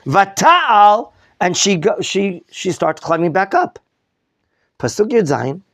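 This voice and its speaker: A man teaching a Torah class with a somewhat high voice and a gravelly, fry-laced texture. He questions his students and corrects their reading as he goes. The sound is close and dry. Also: slow, no room sound. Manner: lively teacher, quizzing students, mixing in Hebrew terms. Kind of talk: classroom Bible lesson.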